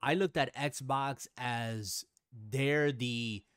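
Chatty American podcast host. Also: male voice, medium pitch, drawn-out words, fairly bright tone, dry recording, studio quality. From United States. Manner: talkative, laughs often, many fillers. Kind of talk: casual chat.

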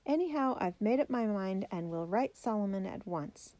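A woman's voice: medium pitch, animated, moderate pace, warm tone, close to an everyday voice. A woman voicing a stern, determined elderly grandmother in a storybook reading, speaking firmly and decisively. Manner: firm, decisive.

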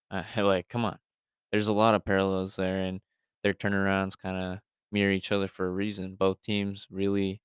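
A man's voice: sits low, clean tone, dry recording, studio quality. A young man co-hosting a sports podcast, ranting emphatically with fillers. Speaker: podcast co-host. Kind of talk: casual sports chat.

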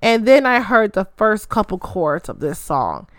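A woman casually recapping a wrestling show from her bedroom, excitable, swearing freely and padding her talk with "uh". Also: mid-range voice, measured pace, dry recording, studio quality. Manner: excitable, heavy swearing, filler "uh".

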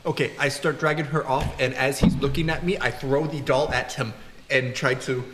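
A player in a tabletop role-play who speaks with deliberate, formal phrasing. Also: mid-range voice, steady tone, a crowd in the background. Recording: echoey noisy room.

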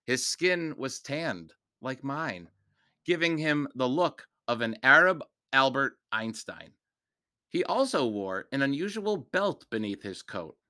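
A man reading a children's novel aloud as a measured storyteller. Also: medium pitch, sharp tone, no room sound, clean studio sound. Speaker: audiobook reader.

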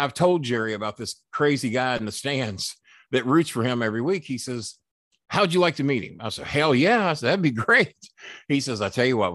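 A man's voice: medium pitch, a bit bright, dry recording, studio quality. Man in his sixties, rambling storyteller. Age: 60s. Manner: rambling anecdotal storyteller, salty. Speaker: podcast guest. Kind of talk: storytelling interview.

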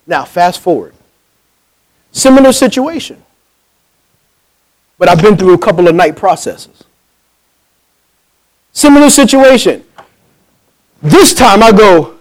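A man from New Jersey preaching a sermon as pastor, swinging between loud punchy bursts and hushed, intimate pleading, calling out for amens and acting out conversations. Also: sits high, sing-song, takes it slowly, long pauses, poor audio. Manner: calls for amens, acts out dialogue.

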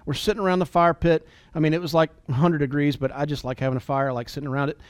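A man in his forties giving an earnest, emotional motivational talk, at times dropping to a soft near-whisper. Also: on the high side, fairly even intonation, rapid-fire, smooth, dry recording. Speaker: business leader and motivational speaker.

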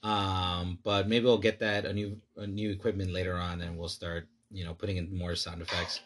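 Husky-voiced young man hosting a podcast. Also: low-pitched, flat delivery, normal speed, fairly bright tone. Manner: laughing, rambling banter. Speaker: podcast host. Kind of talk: casual chat.

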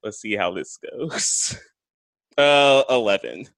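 Young guy player, stumbly, lively up and down, dry sound. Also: lowish voice, no echo. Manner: hesitant, laughing, halting. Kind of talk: casual tabletop play.

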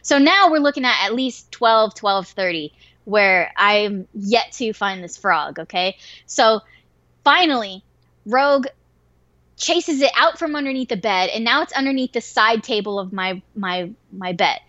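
A woman telling a wild story in casual chat, swearing freely and getting animated and excitable. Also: mid-range voice, unhurried, no room sound. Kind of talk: casual story told to a listener. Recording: dry, slightly dull lo-fi recording.

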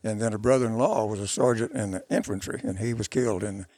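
A man's voice: on the low side, steady tone, warm tone, no echo. An older man, a country musician, telling long, rambling stories about his past in a casual interview. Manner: rambling, unhurried recollection with restarts.

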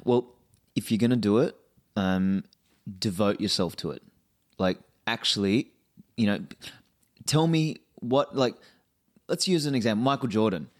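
A man's voice: on the low side, measured pace, pauses often. A man, a podcast guest, talking bluntly and animatedly with frequent swearing. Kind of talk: casual interview.

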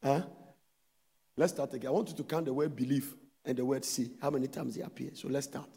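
Emphatic preacher in a hall. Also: male voice, medium pitch, fairly even intonation, a little fast, gravelly, breathy edge. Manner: loud, emphatic, swings between shouting and soft asides. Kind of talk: sermon.

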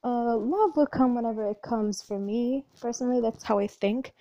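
Loud, chatty young woman, dry sound. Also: fairly high pitch, normal speed, no room sound, dull audio. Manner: chatty, animated, loud and talkative. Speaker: vlogger. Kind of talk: casual chat answering would-you-rather questions.

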